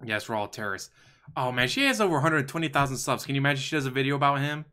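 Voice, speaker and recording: A man with a bright, clear, crisp voice hosts a casual livestream. He talks with profane, sarcastic mockery. He mixes quick asides in among his comments on videos. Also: medium pitch, animated. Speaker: stream host.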